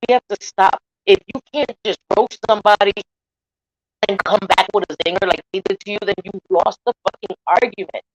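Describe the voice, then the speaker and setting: A woman vlogger speaking to her channel in an earnest, defensive way, shifting from soft pleading to blunt defiance, sounding emotional and near tears. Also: mid-range voice, fairly quick, no room sound, poor audio. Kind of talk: emotional livestream apology.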